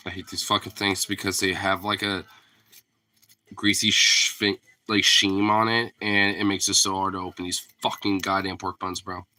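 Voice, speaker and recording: A man's voice: low-pitched, little pitch movement, moderate pace, pushed and bright. A man talking to his dog in a casual vlog, teasing and playful, and swearing freely. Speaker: dog owner.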